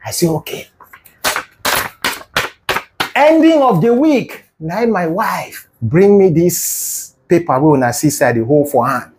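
A man with a Nigerian Pidgin English accent tells a comic story. He mock-lectures in a playful, animated way, and his voice sits a touch higher than most men's. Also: moderate pace, few pauses, noisy background. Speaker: comedic video creator. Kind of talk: comedic storytelling monologue.

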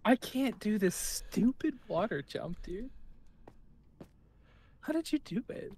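A woman playing a game alongside the host, chatting casually, exasperated and complaining with loud outbursts. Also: fairly high pitch, big pitch swings, takes it slowly, slight background noise. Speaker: co-player. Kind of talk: casual gameplay chat.

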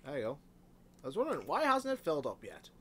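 A man's voice: fairly high pitch, wildly swooping pitch, fast, a bit bright, slight background noise. A man giving casual, muttered commentary while he plays a factory-building game, swearing often. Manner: muttering to himself, frequent swearing. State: hiccups. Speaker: let's play host.

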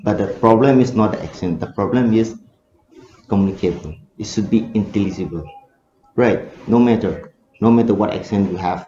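Low-pitched and dark in tone, a man with a Manipuri English accent responds in a seminar discussion as a research scholar, hesitating often with many fillers and restarts. Slight background noise accompanies an echoey, dull lo-fi recording.

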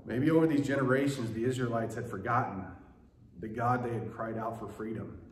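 A man's voice: mid-range voice, fairly even intonation, fairly quick, slight background noise. A man preaching a sermon as pastor, telling stories with animation and acting out quoted voices. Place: church sanctuary. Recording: echoey church room, faint ambience.

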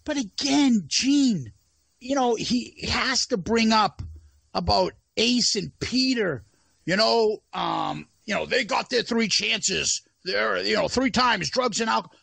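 Guy on a podcast ranting and cussing, high voice, bounces all over. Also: lively intonation, slow, creaky, bright, forceful tone, husky, no room sound. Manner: ranting, swears a lot, exasperated. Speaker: podcast co-host. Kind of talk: casual chat.

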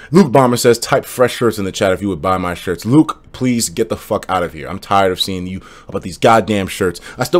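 Young male streamer with a casual, profane, ranting delivery and a lively pitch. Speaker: livestreamer. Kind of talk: casual livestream rant and chat reading.

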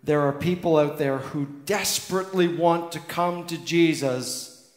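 Speaking a little slowly in a slightly high voice, a man preaches as pastor in a church sanctuary. His delivery is earnest and emphatic, with key lines repeated for weight, all carried by the hall's long echo.

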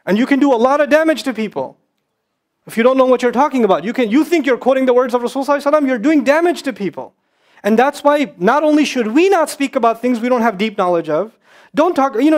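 A man giving a religious lecture to an audience, impassioned and emphatic, repeating points and rising to scolding. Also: very high-pitched. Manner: quick, emphatic repetitions. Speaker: Islamic speaker.

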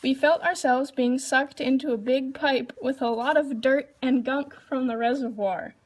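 High-voiced woman reading a storybook aloud. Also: fairly even intonation, measured pace. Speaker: reader.

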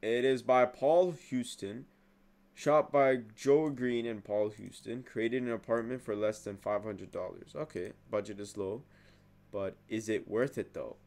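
A young man hosting a reaction video, talking back to the screen with excitable outbursts and mumbled asides. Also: on the low side, a little slow, vocal fry. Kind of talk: casual reaction commentary.

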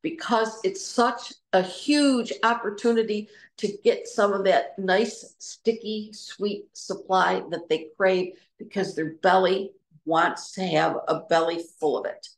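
A middle-aged woman giving an informal, reflective talk about personal experience, pausing and restarting as she searches for words. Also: mid-range voice, steady tone, creaky, roomy sound. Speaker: trauma recovery speaker.

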